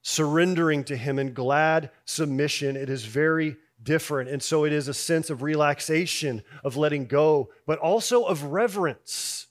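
A man giving a sermon as pastor, in a conversational way, dropping soft on key lines and rising when he voices people's doubts. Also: fairly high pitch, normal speed, few pauses.

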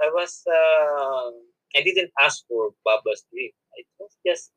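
A man's voice: on the high side, expressive, slow pace, a bit bright, lo-fi sound. A man, a monk guest, telling a personal story in an interview with many restarts and self-corrections and frequent laughs. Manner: laughs often while telling.

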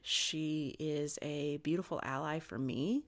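A woman's voice: sits low, steady tone, slow pace. A middle-aged woman hosting a podcast, giving a candid, confessional spiritual monologue and swearing freely. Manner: candid, swears often, talks openly about her feelings. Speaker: podcast host.

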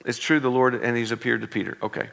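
A man's voice: medium pitch, little pitch movement, fast, creaky, a bit bright. A man teaching through a Bible passage in an informal, conversational way, breaking off for joking asides and correcting himself as he goes.

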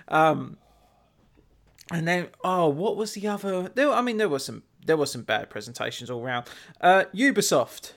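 A man leading a casual podcast conversation, wandering through topics with wry asides. He mocks what others said by quoting them with sarcasm. His voice sits a little high for a man. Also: expressive, normal speed, vocal fry, fairly bright tone. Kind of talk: casual chat.

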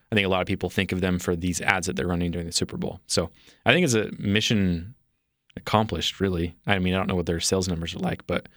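Low-voiced man in casual talk. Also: pushed and bright, no room sound, clean studio sound. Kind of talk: casual chat.

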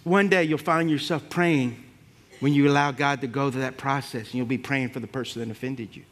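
A middle-aged pastor delivers an animated sermon at a brisk pace in a medium-pitched voice. He builds to shouts and calls out "come on" to the congregation.

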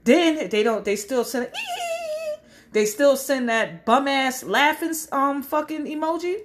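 A social media commentator with a high voice delivers a casual, unhurried rant straight to the camera on her vlog. She gives blunt, profane advice and acts out the people she quotes, with slight background noise.

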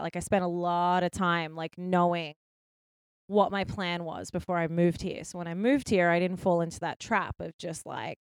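Young aussie woman rambling casually in an interview, smooth clear voice, dry close sound. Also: fairly low pitch, normal speed, no room sound. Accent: Australian. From Australia. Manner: chatty, many likes and restarts. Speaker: guest, filmmaker.

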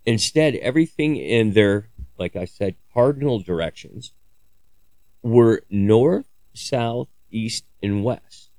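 A man's voice: on the low side, expressive, takes it slowly, darkish tone, dry recording. A man talking in a casual, rambling monologue, joking crudely and swearing freely as he digresses. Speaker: podcaster.

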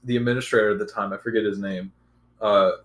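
A man's voice: on the low side, fairly even intonation, quick pace, roomy sound. A young man telling a story in laid-back casual chat, swearing often.

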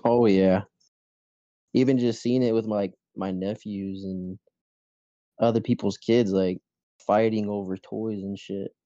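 A man's voice: fairly low pitch, fairly even intonation, unhurried, long pauses, warm tone, dry recording. A man co-hosting a casual podcast chat, giving short, easygoing replies and swearing freely. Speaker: podcast co-host. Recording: dull lo-fi sound.

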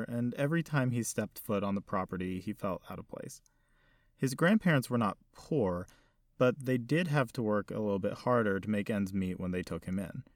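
A man reading a story aloud in a measured, steady storytelling manner. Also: fairly low pitch, dry recording, studio quality. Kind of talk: scripted narration.

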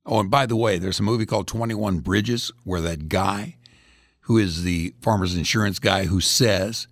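A man's voice: sits low, normal speed, no echo, studio quality. A man in his seventies hosting a rambling, folksy one-man commentary, chatting casually and drifting from topic to topic. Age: 70s.

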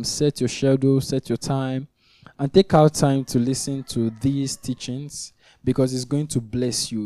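A man's voice: medium pitch, warm tone, dry recording, studio quality. A man preaching a teaching sermon, earnest and repetitive, building to emphatic peaks. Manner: earnest, repeats key phrases for emphasis. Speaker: preacher leading a weekly teaching meeting.

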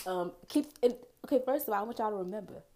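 A young woman vlogger telling a casual storytime to her viewers, animated and chatty, talking to them directly and acting out her own thoughts. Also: medium pitch, quick pace, slight background noise. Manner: dramatic asides and quoted self-talk. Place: indoors at home, near a window with rain outside.

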